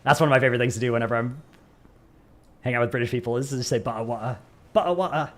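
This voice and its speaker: A man's voice: medium pitch, level tone, rapid-fire, a bit bright. A man from the United States, chatting casually on a live stream, rambling and joking at his own expense. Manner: rambling, self-mocking, joking. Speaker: streamer answering chat.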